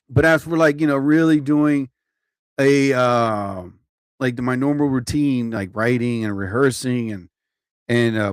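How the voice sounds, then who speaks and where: A man's voice: fairly high pitch, no room sound. Rambling, slightly raised man on a dry livestream. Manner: chatty, self-interrupting, swears mildly, laughs at himself. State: yawning, a bit tired. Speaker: comedian livestreaming. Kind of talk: rambling casual livestream chat. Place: at home, TV on overhead. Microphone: phone or computer mic, livestream.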